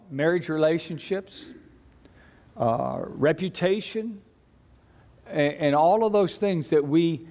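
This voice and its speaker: A man teaching a church Bible class in a conversational way, with halting restarts and light chuckles. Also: mid-range voice, darkish tone.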